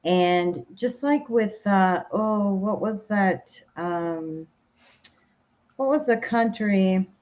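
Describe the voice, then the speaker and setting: A woman's voice: mid-range voice, extremely slow, darkish tone. Minnesotan woman co-host, casual rambling delivery, slightly dull lo-fi sound. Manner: rambling, searches for words, laughs easily. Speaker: podcast co-host. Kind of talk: casual chat.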